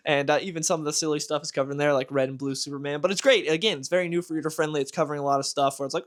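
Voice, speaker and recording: Young male vlog host, slightly high voice, enthusiastic comic reviewer. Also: fairly even intonation, rapid-fire, few pauses. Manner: enthusiastic, gushing.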